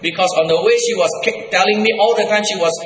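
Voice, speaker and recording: A man preaches in a large hall, his slightly high voice ringing out with a long reverb and a faint room hum behind him. He is emphatic, repeating and restarting words, and he swings between loud high bursts and quiet low lines. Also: quick pace. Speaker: preacher giving his testimony. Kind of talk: sermon testimony.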